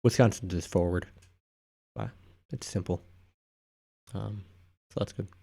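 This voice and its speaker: A man's voice: deep voice, measured pace, gravelly, dark tone, husky. A man hosting a casual live stream, rambling offhand through viewer comments with frequent asides. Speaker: livestream host.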